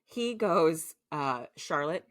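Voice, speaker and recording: A woman co-host from the United States with a strikingly deep, low voice, retelling a show's plot in loose, casual chat. She curses freely and peppers her talk with "like" and "um". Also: animated, slow, no echo, studio quality. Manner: chatty, swears freely, heavy use of fillers like "like" and "um". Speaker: podcast co-host. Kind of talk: casual chat recapping a show.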